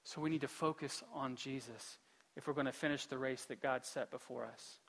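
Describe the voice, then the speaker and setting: A man preaching a sermon as pastor in a church, moving between quiet pleading and loud, lively storytelling. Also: mid-range voice, brisk, creaky, in a large hall. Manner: shifts from hushed pleading to loud, animated storytelling. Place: church sanctuary.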